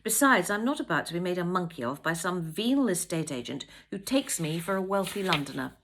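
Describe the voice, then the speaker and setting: A gruff, impatient older man, rich and tired of being haggled with, as a woman reads him out in a storybook. He speaks bluntly, his voice swinging up and down. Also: on the low side, sing-song, fairly quick, background noise. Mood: grumbling. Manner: brusque, impatient. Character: wealthy weary older man, gruff buyer.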